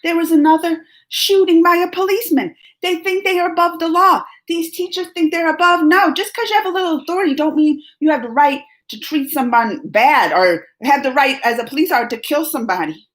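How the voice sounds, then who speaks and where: A woman's voice: high-pitched, brisk, few pauses. A middle-aged woman telling a long, fired-up story on a live stream, rambling and emphatic.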